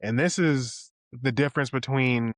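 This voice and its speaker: A man's voice: medium pitch, measured pace, no echo. A man co-hosting a casual film review podcast, retelling scenes with acted-out quotes and casual swearing. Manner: animated retelling, acting out quoted lines. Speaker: podcast co-host.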